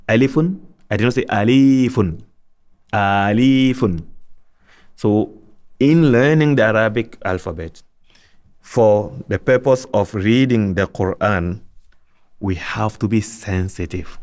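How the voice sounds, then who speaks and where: Low-voiced man teaching letters slowly. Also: a little mellow. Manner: patient, repeats letter names slowly, many restarts. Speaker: Arabic alphabet teacher. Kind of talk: slow, deliberate tutorial instruction.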